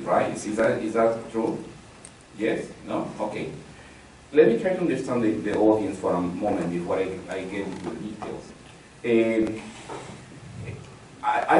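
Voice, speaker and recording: An instructor runs a live technical training session, chatting casually, repeating key phrases and polling his audience. His voice sits lowish with a darkish tone. The recording comes from far off in a very echoey room, with faint noise.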